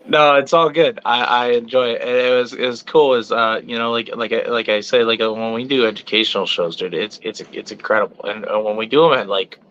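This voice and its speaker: A man hosting a casual interview, talking in a relaxed, easygoing way about his educational reptile shows. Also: mid-range voice, a little fast, few pauses, muffled recording. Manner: relaxed, easygoing talker with many fillers. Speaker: podcast host and reptile educator.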